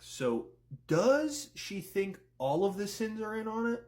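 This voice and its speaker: A man giving casual commentary, firing off questions and swearing freely. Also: high-pitched. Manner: rapid-fire questions, profane, excitable. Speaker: content creator.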